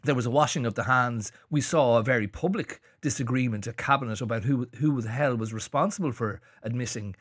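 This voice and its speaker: Halting Irish man on a radio panel. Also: mid-range voice, fairly bright tone, husky, no room sound, clean studio sound. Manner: halting, many restarts and fillers. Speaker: journalist panelist. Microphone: studio microphone.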